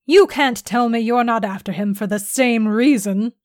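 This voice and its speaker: A woman's voice: fairly high pitch, moderate pace, dry recording, clean studio sound, lightly acted. A woman voicing a proud, grumpy male alchemist who growls and argues. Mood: defiant. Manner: defiant, growling, yelling.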